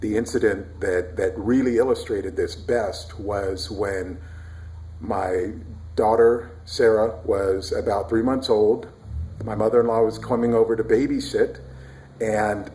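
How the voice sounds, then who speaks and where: A man with a somewhat low voice tells a personal family story in a relaxed, chatty way. He pauses to demonstrate speech sounds and slips into whispers to illustrate his points. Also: slight background noise.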